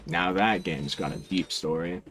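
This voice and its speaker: A man's voice: sits low, normal speed, fairly bright tone, a little hiss or hum. A man streaming a video game, chatting casually with his viewers in a laid-back, dry, teasing way. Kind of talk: casual stream chat while gaming.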